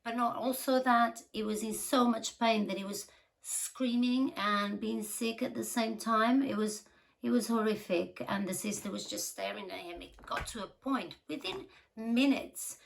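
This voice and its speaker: A woman telling a true crime story in a casual, chatty way, with giggly asides and some vocal fry. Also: mid-range voice, rough recording.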